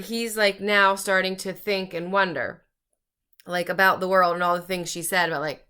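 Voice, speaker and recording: Chatty young woman, bright clear voice. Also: medium pitch. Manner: chatty, many fillers, acts out quoted dialogue. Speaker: vlogger. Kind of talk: casual book talk while doing makeup.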